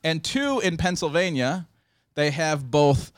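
A man co-hosting a casual comedy podcast, playful and quick to laugh. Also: a little high, very animated, no echo, studio quality. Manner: playful, joking, laughs often. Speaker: podcast co-host.

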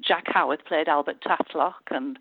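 An older woman reminisces about her acting days, halting often and restarting with an amused lilt. Her voice sits low and a little husky. It comes through a dry, tinny phone-like line. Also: no echo. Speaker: guest, former actress. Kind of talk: reminiscing interview.

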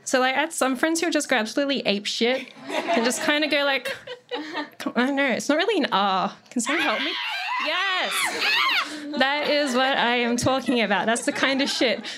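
A woman's voice: high-pitched, animated, normal speed, heavy background noise. A young woman telling a rambling comic story on stage, loose and sweary, packed with "like" and her own laughter. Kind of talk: casual stand-up storytelling. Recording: live audience laughing. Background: audience laughter.

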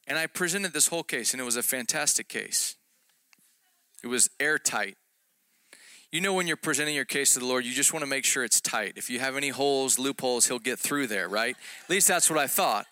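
A male preacher gives a relaxed, conversational sermon and pokes fun at himself as he tells his story. His voice is intense and forceful yet smooth and resonant. It is recorded close and dry, with no room sound. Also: medium pitch, brisk, no room sound. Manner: self-deprecating storytelling with jokes.

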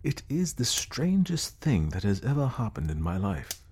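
A man voicing an earnest, reflective gentleman who sincerely recounts meeting a ghost, in an audiobook reading. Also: on the low side, sing-song, normal speed, a little hiss or hum. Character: earnest gentleman telling his ghost encounter. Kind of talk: audiobook character voice.

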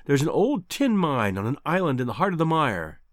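A man's voice: on the high side, very animated, brisk, dry recording, clean studio sound. A man reading aloud and voicing a distraught, fierce young married woman with an emotional, pleading manner. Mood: earnest. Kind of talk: audiobook character voice.

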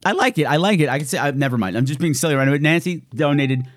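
A man's voice: fairly high pitch, animated, very fast, no echo. A man hosting his podcast, reading out thank-yous in a playful, giddy way with hammy announcer flourishes. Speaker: podcast host. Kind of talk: casual thank-you shout-outs.

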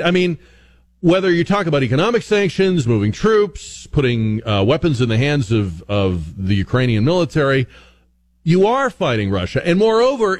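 Animated, argumentative male radio host. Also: on the high side, no echo. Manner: argumentative, rhetorical questions, animated. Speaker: radio talk show host. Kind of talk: opinionated talk radio monologue.

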